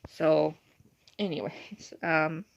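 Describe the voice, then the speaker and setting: Low gravelly young woman rambling. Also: fairly even intonation, very slow, dry recording. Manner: rambling, uses "like" a lot. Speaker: vlogger. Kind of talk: casual chatty storytelling. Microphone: phone or device screen. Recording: dull lo-fi sound.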